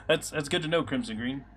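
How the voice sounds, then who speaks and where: A man hosts a relaxed live coding stream, talking through his work and stopping for chat. His voice sits at a middle pitch, with lots of fillers as he thinks aloud. Faint music plays underneath. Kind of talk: casual live-coding commentary. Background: soft background music.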